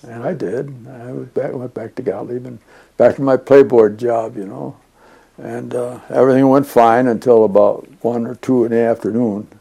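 A man's voice: mid-range voice, creaky, warm tone, breathy edge. An older man being interviewed, recounting his past in a rambling, chatty way with many fillers. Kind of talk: oral history storytelling.

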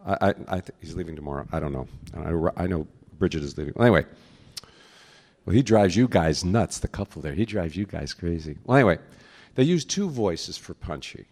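A man's voice: low voice, a little fast. A man, a voice actor, telling anecdotes to a crowd at a convention in a large hall, laughing as he goes. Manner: animated storyteller who laughs and slips into voices. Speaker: voice actor giving a talk.

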